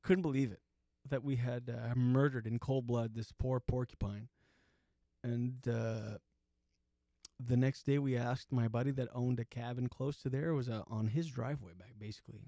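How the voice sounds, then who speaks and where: A man's voice: mid-range voice, fairly even intonation, normal speed, mellow, no room sound. Profane man in his forties, dry close mic. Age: 40s. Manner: profane, laughs through his own story. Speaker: podcast host. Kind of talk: casual storytelling monologue.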